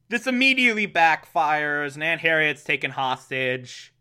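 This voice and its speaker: Brief: man, high bright voice, slow and animated, exasperated recapper. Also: smooth. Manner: animated, exasperated, laughing asides. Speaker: show recapper. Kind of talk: casual episode recap.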